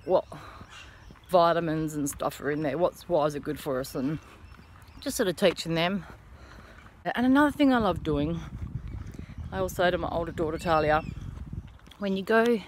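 A woman's voice: lowish voice, a little hiss or hum. A woman in her thirties vlogging casually while out walking in the morning, talking encouragingly to the camera. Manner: chatty, encouraging, talks to camera. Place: outdoors on an early morning walk.

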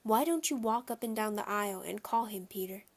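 A woman voicing a calm, firm father of two boys in a children's storybook, speaking steadily and plainly. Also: medium pitch, fairly quick, lightly acted. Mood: gentle.

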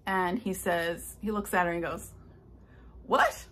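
An older woman, a stitching vlogger, chatting casually and telling rambling stories with soft asides. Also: on the low side, fairly even intonation, normal speed. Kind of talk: casual chat.

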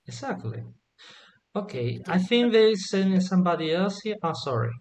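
A man's voice: sits high, big pitch swings, normal speed, darkish tone. A man teaching Latin to a small group, patiently asking questions and checking that they follow. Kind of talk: online group lesson.

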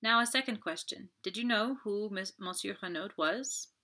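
Woman narrator reading a calm older male detective, gentle, measured, bright voice. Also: mid-range voice, lightly acted.

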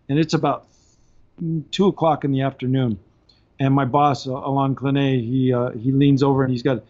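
A man telling long stories on a podcast in a casual, animated way, often laughing as he talks. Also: mid-range voice. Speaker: podcast guest. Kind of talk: casual storytelling. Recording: dull lo-fi podcast audio.

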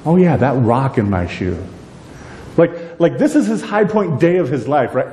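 A middle-aged man preaching a sermon as pastor, animated and joking, acting out characters and asking the congregation questions. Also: normal speed. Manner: animated, acts out characters in quotes; jokey, asks the congregation questions. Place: church sanctuary. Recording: echoey church hall, faint rumble.

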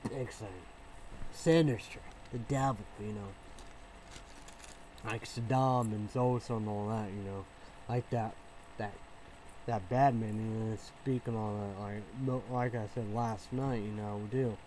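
A man's voice: lowish voice, fairly even intonation, unhurried, low-quality recording. Rambling man with faint background hiss. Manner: rambling, repetitive, with many fillers and restarts; swings from mumbling to loud outbursts. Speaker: vlogger. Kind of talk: rambling casual monologue.

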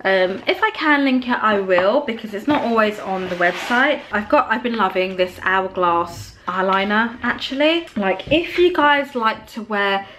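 A woman's voice: medium pitch, lively intonation, a little slow, hardly any pauses, a bit bright, a little hiss or hum. Chatty woman showing products. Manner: chatty, rambling, lots of ums and likes. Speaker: beauty vlogger. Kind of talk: casual product show-and-tell.

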